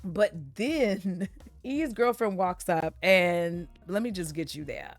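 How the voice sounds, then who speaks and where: A woman's voice: on the low side, takes it slowly, loud music behind the voice. A young woman streamer recapping a show in a giggly, chatty way, laughing often. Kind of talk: casual recap chat.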